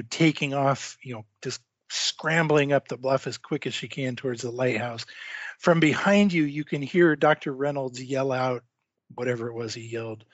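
A man acts as game master for a tabletop horror game, narrating scenes calmly and at length. His voice comes over a dull, lo-fi online call, and the sound is dry and close. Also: medium pitch, dry recording. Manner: calm, drawn-out descriptive narration.

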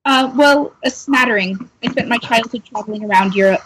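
A woman's voice: a little high, fairly quick, a bit bright, slight background noise, rough recording. A woman playing a character in a tabletop game, asking the game master short, direct questions. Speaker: player. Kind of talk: casual tabletop play.

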